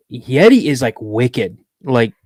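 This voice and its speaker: A man co-hosting a live podcast, telling stories in a lively, slangy way. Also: mid-range voice, slow pace, no room sound, studio quality. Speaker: podcast co-host. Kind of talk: casual live podcast chat.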